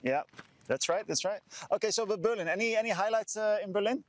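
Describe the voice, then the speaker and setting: A man's voice: sits high, fast. A man hosting a casual chat while walking outdoors on a campus, easygoing and curious, often repeating words like "cool, cool". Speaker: podcast host.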